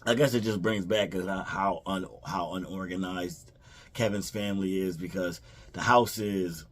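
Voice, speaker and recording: A man's voice: sits low, fairly even intonation, normal speed, slight background noise. A man casually retelling a film's plot for a review, rambling with fillers and restarts and quoting the characters. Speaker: movie reviewer. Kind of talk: casual movie recap.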